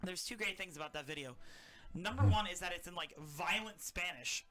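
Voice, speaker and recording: A woman in casual podcast chat, profane and animated, swearing freely. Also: fairly low pitch, a little fast, over music.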